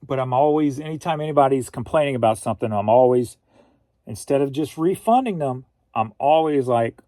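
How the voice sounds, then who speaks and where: A man's voice: medium pitch, a little fast, mellow, no room sound. Laid-back man chatting about reselling. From Missouri, USA. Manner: rambling, easygoing, reads viewer comments aloud. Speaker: host. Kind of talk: casual livestream chat.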